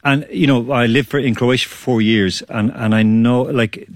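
Co-hosting a sports radio program, a man from Ireland chats fast and loosely, rambling and laughing a lot. His medium-pitched voice holds a steady tone. The studio-microphone recording is dry and high quality.

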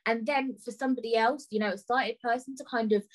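A woman's voice: fairly high pitch, steady tone, a little fast, poor audio. Chatty woman host, frank and reassuring. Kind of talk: emotional personal conversation.

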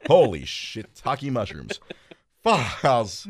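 A man hosting a podcast in casual chat, crude and animated, laughing a lot. His voice swings widely in pitch. The sound is dry and close. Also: a little slow, no echo. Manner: animated, crude, laughing, shouts quoted lines. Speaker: podcast host.

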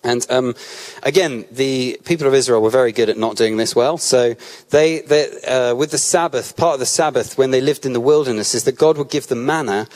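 A man with a British accent preaching in an easygoing, conversational way, weaving personal anecdotes into his teaching. He often breaks off and restarts his sentences as he tells a story. His voice sits at an ordinary, mid-range pitch. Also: a little fast, few pauses, darkish tone. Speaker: church speaker.

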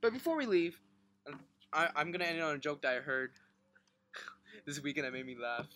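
With a fairly high voice at normal speed and a little hiss or hum in the audio, a man co-hosts a podcast full of casual banter. He jokes, swears a lot, laughs often, and sounds excitable, his thick, mumbled words running together.

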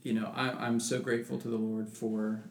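A man's voice: fairly low pitch, flat delivery, a little fast. A man in casual religious discussion who talks thoughtfully with many restarts and reads scripture aloud. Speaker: podcast co-host. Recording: echoey room with background noise.

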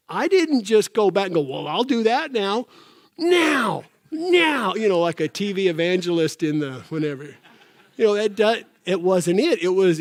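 A man preaching a sermon, telling stories and acting out quotes with sudden bursts of shouting. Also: high voice, no echo. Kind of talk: sermon storytelling.

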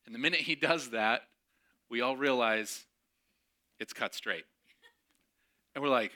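A man's voice: mid-range voice, animated, moderate pace, long pauses, pushed and bright. A middle-aged man preaching a sermon as a casual, self-mocking story, acting out the other people's lines and laughing at his own jokes. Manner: chatty, self-mocking, acts out dialogue with laughs. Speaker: pastor.

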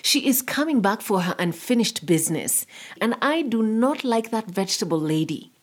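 A woman's voice: medium pitch, animated, moderate pace, pitched above the performer's own voice, close to an everyday voice. A woman reading the part of a stern, worried middle-aged father who speaks firmly. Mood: scolding. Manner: firm, scolding.

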